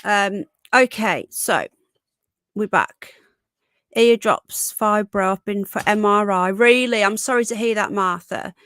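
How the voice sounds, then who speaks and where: A woman hosting a live stream whose voice is going croaky, chatting casually and rambling with fillers and restarts. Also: medium pitch, measured pace, fairly bright tone, no room sound, studio quality.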